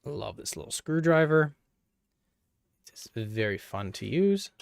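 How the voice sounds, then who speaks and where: A man with a gravelly, creaky edge to his voice, chatting casually and playfully as he works through a hands-on build. He jokes with his viewers and mutters to himself along the way. The sound is dry and close, with no room echo. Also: a little high, sing-song, takes it slowly. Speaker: PC hardware video creator. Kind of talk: casual running commentary while working.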